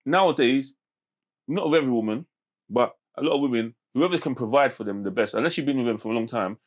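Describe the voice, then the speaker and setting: A man, a guest on a casual podcast, tells stories in lively street slang. He restarts his sentences often as he gets going, and his voice sits at an ordinary middle pitch. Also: quick pace, muffled recording. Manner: animated storyteller, street slang, many restarts. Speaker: podcast guest, men's mental health campaigner.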